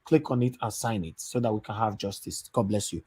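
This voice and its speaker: A man's voice: fairly low pitch, a little fast, mellow, slightly rough. A man hosting a live stream, urgently repeating instructions to his viewers. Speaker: livestream host. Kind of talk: live stream talk show.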